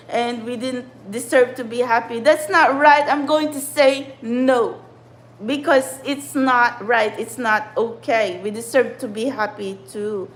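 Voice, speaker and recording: A woman's voice: a little high, low-quality recording. A woman, a spiritual channeler giving an upset, ranting monologue to her followers and swearing often. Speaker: spiritual channeler and tarot reader. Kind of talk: impassioned livestream monologue.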